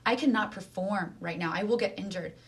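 A woman speaking earnestly in casual conversation, using lots of filler words and lively emphasis. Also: mid-range voice, brisk. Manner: earnest, animated, many fillers.

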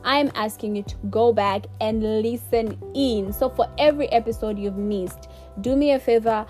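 A woman's voice: fairly high pitch, moderate pace, soft background music. A young woman hosting her own podcast who talks emotionally and effusively, laughing to hold back tears as she thanks her listeners. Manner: warm and effusive, repeats thanks. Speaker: podcast host. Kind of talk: casual solo podcast outro.

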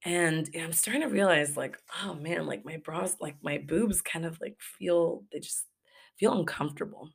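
A woman's voice: low voice, normal speed, gravelly, breathy edge. A young woman from Los Angeles hosting a podcast, telling a travel story in a candid, profane, casual way. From Los Angeles, USA. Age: young adult. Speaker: podcast host. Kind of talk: casual story-time monologue.

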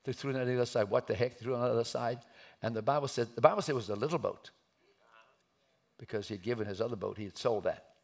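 Gravelly husky preacher guy, gets real quiet then loud, acts out the story. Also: medium pitch, rapid-fire. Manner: dramatic, swings from hushed to shouting while acting out the story. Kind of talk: sermon storytelling.

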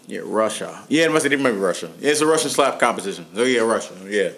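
A man hosts a loose podcast conversation, talking in easy slang and breaking into laughs. His voice is mid-pitched but very animated, rising and falling a lot. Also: quick pace. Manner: laid-back, slangy, laughs often. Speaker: podcast host. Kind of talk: casual chat.

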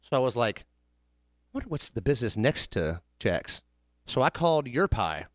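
A man's voice: mid-range voice, sing-song, normal speed, dry recording, studio quality. A man telling a long funny story in casual chat, acting out the voices of people in it.

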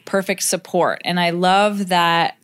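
A woman's voice: fairly low pitch, steady tone, takes it slowly, fairly bright tone. A woman co-hosting a podcast, chatting casually and laughing easily. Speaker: podcast co-host. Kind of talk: casual chat.

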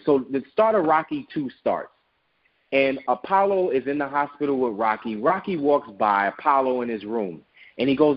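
A man's voice: mid-range voice, expressive, moderate pace, highs cut off. A man who owns a business, telling an emphatic motivational story in an interview. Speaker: guest, business owner.

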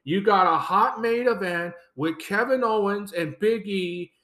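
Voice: mid-range voice, unhurried, a bit bright. A podcast host delivering a solo rant, exasperated and sarcastic, who repeats phrases for emphasis. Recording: roomy echo.

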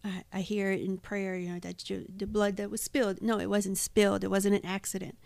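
A woman's voice: mid-range voice, little pitch movement, fairly quick, creaky, a little mellow, dry recording. A woman co-hosting a Bible study podcast, explaining the symbols plainly in homely words. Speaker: podcast co-host. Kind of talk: casual Bible study chat.

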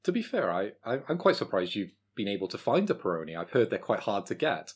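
Husky young man ribbing his co-host. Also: lowish voice, very animated, fast talker. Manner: teasing, dry ribbing. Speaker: podcast co-host. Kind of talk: casual chat.

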